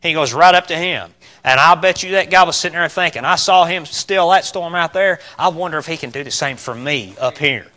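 A man preaching a sermon, asking his listeners questions and swinging between loud emphatic bursts and quiet, calm lines. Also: fairly high pitch, fairly quick. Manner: asks the listeners rhetorical questions.

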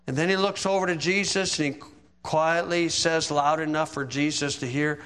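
A man's voice: on the high side, normal speed, fairly bright tone, clear, resonant tone, long reverb tail. A man preaching a sermon, retelling events in vivid, dramatic storytelling.

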